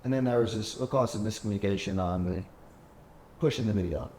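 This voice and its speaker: A man's voice: lowish voice, fast, warm tone. A man hosting a casual chat, telling rambling stories and acting out what others said. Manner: rambling storyteller, acts out quoted talk. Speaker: podcast host. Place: penthouse apartment. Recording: echoey room, faint background hum.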